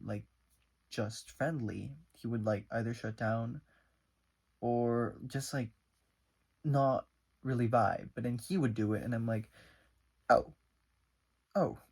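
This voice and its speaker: A young man chats through a casual storytime, rambling and animated as he acts out each side of a conversation. His voice has a gravelly edge with a husky, breathy texture, and he keeps his pitch in an ordinary middle range. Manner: rambling, animated retelling full of fillers. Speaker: vlogger.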